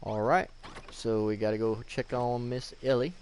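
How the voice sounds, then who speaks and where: A man giving relaxed, low-key commentary while playing a video game. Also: normal speed, a little hiss or hum. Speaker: gameplay video host. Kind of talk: gameplay commentary.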